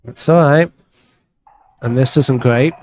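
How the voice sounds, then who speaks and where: A man calls a backgammon match live in a chatty, easygoing way, tossing in wry jokes and playful sound effects. His voice sits at an ordinary middle pitch. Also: slow pace, darkish tone. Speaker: commentator.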